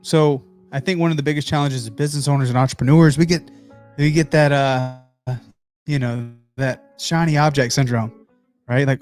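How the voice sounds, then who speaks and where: A man's voice: medium pitch, steady tone, moderate pace, darkish tone, faint music behind. A man hosting a motivational business talk from his home office, speaking emphatically and addressing viewers directly. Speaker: host.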